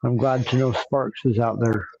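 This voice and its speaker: A man hosting a podcast in rambling casual chat, giving shout-outs to listeners. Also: mid-range voice, steady tone, moderate pace, no echo. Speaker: podcast host. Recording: dull lo-fi sound with faint noise.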